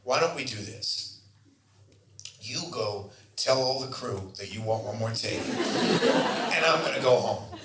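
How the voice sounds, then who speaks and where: Guy imitating a dry old director, quiet and low, far mic, roomy. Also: animated, slow pace, pauses often. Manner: quiet, low, half-whispered. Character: older male film director, dry, low-key, unflappable. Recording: roomy hall, distant mic, faint noise.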